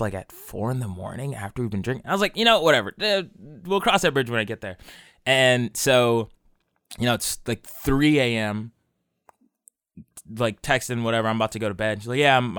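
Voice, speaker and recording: A man's voice: mid-range voice, a bit bright, clean tone, no room sound, clean studio sound. A young man telling a long personal story in casual chat, rambling with many fillers and laughing as he goes.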